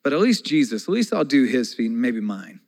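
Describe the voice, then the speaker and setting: A man in his forties preaching a conversational sermon as a pastor, moving between soft, slow passages and loud, excited ones. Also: medium pitch, gravelly, rough recording.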